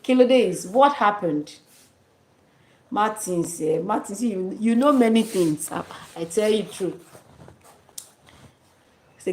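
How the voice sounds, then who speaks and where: A woman's voice: mid-range voice, measured pace, pauses often, darkish tone, roomy sound, a little hiss or hum, rough recording. A Nigerian woman vlogger chatting casually, laughing often and dropping into Pidgin slang. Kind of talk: casual chat.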